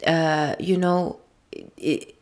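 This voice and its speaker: A woman with a French accent, hosting a podcast and talking things through in a gentle, thoughtful way with frequent fillers and restarts. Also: low-pitched, steady tone, very slow. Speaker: podcast host. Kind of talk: casual solo podcast talk.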